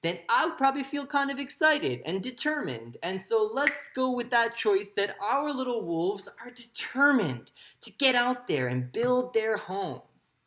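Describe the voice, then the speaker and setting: A woman teaching how to read a storybook like an actor, talking in an expressive, playful way. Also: a little high, unhurried, few pauses. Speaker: acting teacher. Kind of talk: teaching read-aloud acting lesson.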